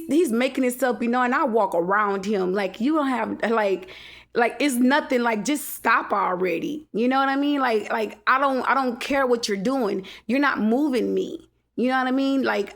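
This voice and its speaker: Defiant woman venting to camera, gravelly. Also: medium pitch. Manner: defiant, repetitive, swearing. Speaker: vlogger.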